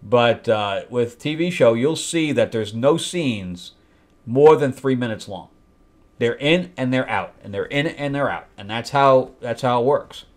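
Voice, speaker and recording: Here the comic book show host speaks at medium pitch, expressively and a little slowly. His critique is blunt and frustrated, and he acts out mocking quotes from the characters in silly voices while turning the pages.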